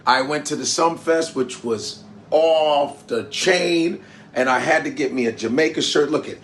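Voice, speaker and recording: A man comedian telling a lively travel story in an animated stand-up style, from Nigeria, boisterous and prone to jumping high in pitch for emphasis. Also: a little slow, a little hiss or hum.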